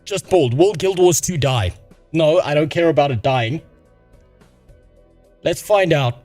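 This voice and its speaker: A man's voice: a little high, unhurried, darkish tone, faint music behind. A man streaming a casual reaction, sarcastic and crude, swearing often.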